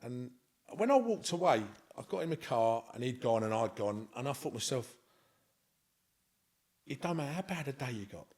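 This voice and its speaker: A man's voice: mid-range voice, sing-song, moderate pace, long pauses, darkish tone. A man with a London accent, a podcast guest telling a rambling, earnest story in casual chat. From Scotland. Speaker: interview guest.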